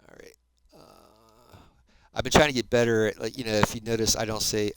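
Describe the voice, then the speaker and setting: This Minecraft streamer is a man in his fifties from South Jersey, USA, who talks to viewers in his South Jersey accent while playing, sprinkling in "dude" and "man." His voice is lowish, flat, and at normal speed, with background noise behind it.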